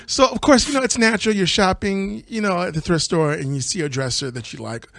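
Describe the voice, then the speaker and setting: A man's voice: high voice, moderate pace, creaky, no room sound. A man co-hosting a podcast in a casual chat, retelling news stories and laughing often. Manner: laughs often, lively storytelling. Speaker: podcast co-host.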